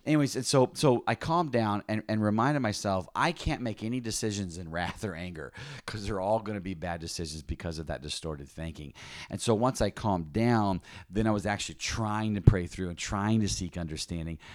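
A man's voice: on the low side, moderate pace, no room sound, studio quality. A man who leads a ministry, talking candidly about prayer, rambling and restarting with self-mocking asides. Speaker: ministry leader and podcast co-host. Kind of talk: casual faith talk.

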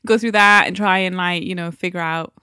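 A woman's voice: fairly low pitch, steady tone, fairly quick, sharp tone, smooth, no room sound, clean studio sound. A woman from Newcastle co-hosting a casual podcast, chatting and rambling through stories. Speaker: podcast co-host.

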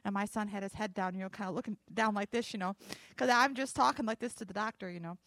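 A woman's voice: medium pitch, quick pace, a bit bright, no echo. A woman pastor preaching a sermon, telling a personal story in a folksy way and building to emphatic declarations.

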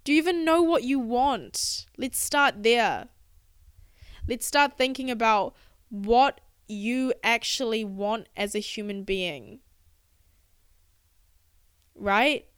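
A woman's voice: a little high, animated, fairly bright tone, clear, resonant tone, dry recording, studio quality. A woman hosting a solo motivational podcast, delivering an impassioned, profanity-laced rant into a podcast microphone. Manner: impassioned, swearing, fast spurts. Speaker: podcast host.

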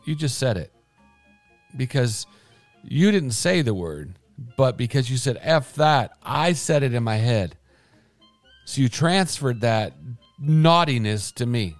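A man's voice: mid-range voice, expressive, slow, long pauses, no room sound, soft background music. A man co-hosting a casual morning show, laid-back, drifting into mock quotes as he talks. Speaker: co-host.

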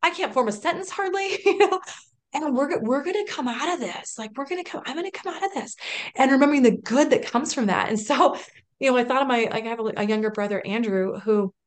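Interview guest, woman, 30s, slightly high voice, earnest and emotional personal storyteller. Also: animated, fast. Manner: earnest, emotional, with restarts and laughter. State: close to tears at moments. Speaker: podcast guest.

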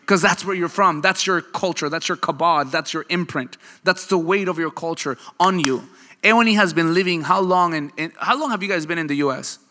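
A man preaching a sermon in a conversational, animated way, often trading lines with his congregation. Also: fairly high pitch, moderate pace. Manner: conversational, animated preaching with audience back-and-forth. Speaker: pastor. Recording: long hall reverb.

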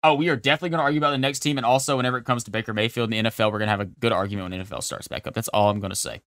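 Young guy talking fast on a sports podcast, super opinionated, dry close mic. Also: mid-range voice, fairly even intonation, fairly bright tone, no echo. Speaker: podcast co-host. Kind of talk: casual sports chat.

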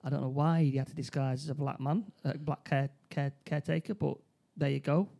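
Gravelly-voiced man recapping a film. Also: fairly high pitch, fairly quick. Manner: animated retelling with acted quotes, many restarts. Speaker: film discussion co-host. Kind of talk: casual chat retelling a film plot.

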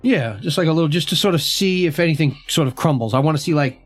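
A man's voice: fairly high pitch, lively intonation, fast, faint music behind. Hesitant male player, full of "like". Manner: hesitant, lots of "like" and "sort of".

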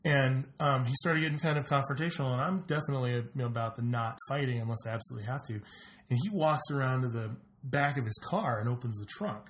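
A man's voice: mid-range voice, quick pace. A man chatting casually as a guest, telling a rambling story full of fillers and easy laughs. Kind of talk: casual chat.

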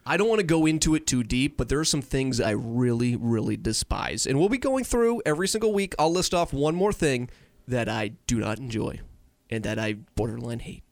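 A man's voice: mid-range voice, lively intonation, a little fast, no room sound. A young man co-hosting a casual podcast on a headset, upbeat and joking, rambling with restarts. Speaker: podcast co-host.

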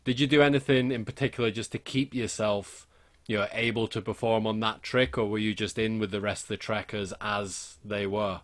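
A man's voice: lowish voice, fairly even intonation, brisk, a bit bright. A male host asking questions in a casual interview, padding his speech with "you know". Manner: conversational, fills with "you know".

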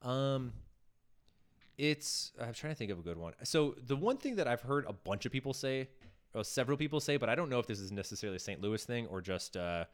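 A man's voice: medium pitch, big pitch swings, fairly quick. A man co-hosting a casual podcast chat, rambling with many restarts and fillers. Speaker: podcast co-host.

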